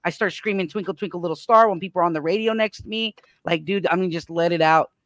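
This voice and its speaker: A man with a high voice tells a story in an animated, rambling way. He fills the gaps with fillers and repeats himself. The sound is dry and close, with no room around it. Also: fast talker, dry recording. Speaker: paintball podcast panelist. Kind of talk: casual storytelling chat.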